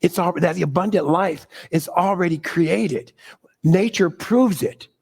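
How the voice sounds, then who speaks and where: A middle-aged man giving an animated sermon to a congregation, laughing often and leaning on preacherly emphasis. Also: sits high, unhurried, vocal fry, slightly rough. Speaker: spiritual speaker.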